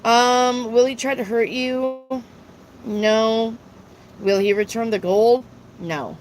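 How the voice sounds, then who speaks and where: Female live-stream tarot host, unhurried and talkative, reads out chat questions and answers them plainly. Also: a little high, steady tone, a little hiss or hum, poor audio. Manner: chatty, slow and drawling, repeats herself.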